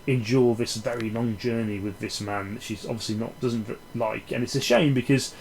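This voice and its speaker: Englishman reviewing films, profane and sardonic, rambling delivery, average pitch. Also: fairly even intonation, moderate pace, a little mellow, a little hiss or hum, low-quality recording. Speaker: film reviewer. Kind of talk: casual ranting film review.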